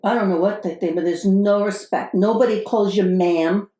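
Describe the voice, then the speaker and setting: A woman's voice: mid-range voice, fairly even intonation, normal speed, mellow, close to an everyday voice. A woman playing an exasperated middle-aged Brooklyn wife in a put-on New York accent, complaining animatedly in an improvised comedy sketch. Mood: indignant. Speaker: podcast co-host in character. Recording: roomy echo.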